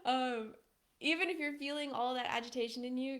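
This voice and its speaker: A woman giving relationship advice to a live audience in a casual, animated way, laughing often and acting out little quoted voices. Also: high voice, a little fast. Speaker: relationship coach hosting a live stream.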